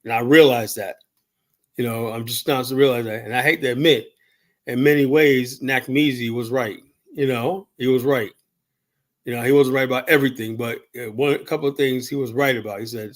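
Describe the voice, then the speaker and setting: A man's voice: medium pitch, fairly even intonation, fairly quick. A man from the United States hosting a call-in show, ranting heatedly and asking "you know?" again and again. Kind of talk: ranting livestream commentary.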